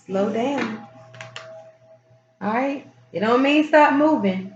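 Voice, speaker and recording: A woman's voice: on the high side, slow. A woman giving a casual spiritual tarot reading, speaking frankly and emphatically and often repeating her key phrases. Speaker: tarot reader. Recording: roomy, slightly dull sound with music behind. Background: background music.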